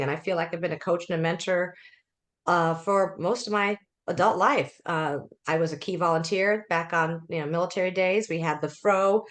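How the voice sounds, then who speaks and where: A woman's voice: lowish voice, steady tone, normal speed, a bit bright. A woman in her fifties, a life coach, telling her story in a chatty way, laughing often and restarting her sentences. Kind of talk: conversational interview storytelling.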